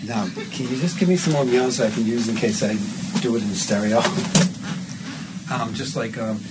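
Man directing a hobby drama session, casual and instructive, loud background noise. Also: medium pitch, normal speed. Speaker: recording director. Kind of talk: directing voice actors.

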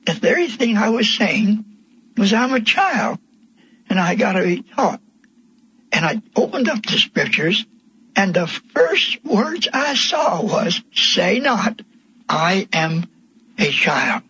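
Slow, husky high-voiced older preacher. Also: male voice, very animated, bright, forceful tone, low-quality recording. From Pennsylvania, USA. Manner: slow, emphatic testimony with rising cries. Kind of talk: sermon.

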